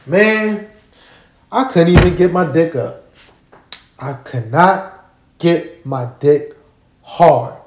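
A man casually telling a story straight to his listeners, animated and profane, often checking that they follow him. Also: a little high, slow, long pauses, slight background noise. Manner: animated, profane, keeps asking listeners to agree. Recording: roomy echo.

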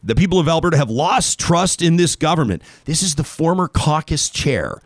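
A man's voice: fairly high pitch, big pitch swings, dry recording, clean studio sound. A man from Canada hosting a radio talk show, delivering a sarcastic political commentary monologue that leans hard on key words. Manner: emphatic, sarcastic, dramatic pauses on key words.

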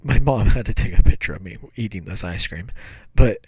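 A man's voice: lowish voice, a little fast, husky, no echo. A man casually telling a childhood story, rambling and correcting himself as he goes. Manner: rambling, self-correcting, animated.

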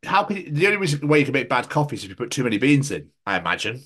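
A young man from England rambles through a casual podcast chat, swearing freely and laughing as he goes. His pitch swings widely, and he breaks into mock voices. The delivery is loose and conversational. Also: sing-song, very fast, fairly bright tone. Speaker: podcast co-host.

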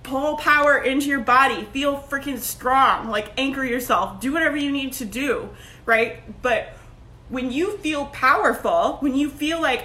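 A woman's voice: sits high, a little slow. A woman, a business coach talking casually and energetically to her online group, laughing often. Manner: chatty and energetic, laughs often, says like and right a lot. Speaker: business coach hosting a Facebook group live video. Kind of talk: casual motivational live-stream talk.

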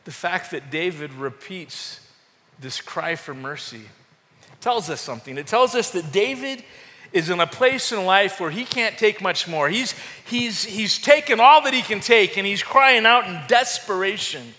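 High-voiced preacher in a reverberant hall. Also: male voice, animated, a little slow, pushed and bright. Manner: impassioned preaching with repeated words and rising calls. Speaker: pastor. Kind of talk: sermon.

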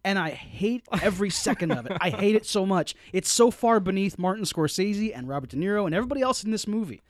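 A man co-hosting a casual movie review chat, animated and indignant, often stumbling and restarting his sentences. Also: high voice, fast talker, no room sound, clean studio sound. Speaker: podcast co-host.

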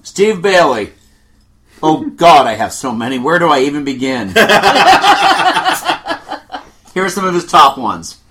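High, animated man hosting a podcast. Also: normal speed, slight background noise. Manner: sardonic, opinionated. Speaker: podcast host. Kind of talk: casual chat, reading listener opinions.

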